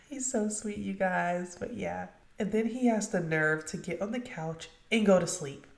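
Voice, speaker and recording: A woman's voice: mid-range voice, measured pace, creaky. A woman casually narrating her gameplay, chatting directly to her viewers. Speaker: let's play narrator. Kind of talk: casual game commentary. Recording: echoey room.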